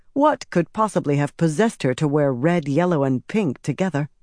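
A woman narrating an audiobook in a measured, expressive reading. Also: sits low, no echo, clean studio sound. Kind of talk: scripted narration.

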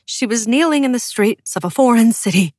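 A woman's voice: fairly high pitch, lively intonation, brisk, darkish tone, no room sound, studio quality. A woman narrating an audiobook with emotive, dramatic delivery. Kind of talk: scripted narration.

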